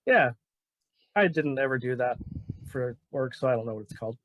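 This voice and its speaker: A man's voice: medium pitch, lively intonation, normal speed. A man in the role of game master, narrating a tabletop game in a casual, laid-back way with plenty of fillers.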